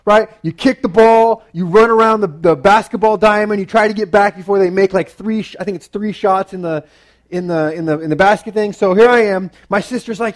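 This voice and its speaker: Speaking as a youth pastor, a man gives a sermon built around a personal story, told in an animated way. His voice is high and brisk, and he keeps tossing "right?" asides to the audience.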